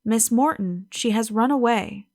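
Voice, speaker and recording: A woman voicing an impatient young gentleman detective with a brisk, sardonic manner, in an audiobook. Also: a little high, dry recording, studio quality. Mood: urgent.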